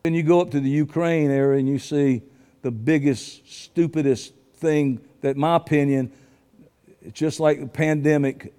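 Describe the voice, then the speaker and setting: A man preaching a sermon, rambling and impassioned, at times rising to shouts. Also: on the high side, fairly even intonation, moderate pace, clean tone, long reverb tail.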